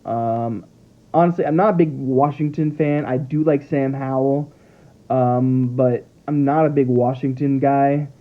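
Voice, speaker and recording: A man's voice: mid-range voice, a little slow. Rambling man with tinny phone-like sound. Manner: rambling, animated, trips over words. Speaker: sports vlogger. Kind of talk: casual football commentary. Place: at home with his dogs.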